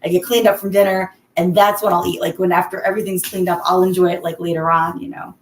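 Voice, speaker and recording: A chatty middle-aged woman talks to her viewers in a casual live stream from home. Her voice sits a little low, and the room around her echoes. She laughs easily and calls people by name. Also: flat delivery, fast talker, a little hiss or hum.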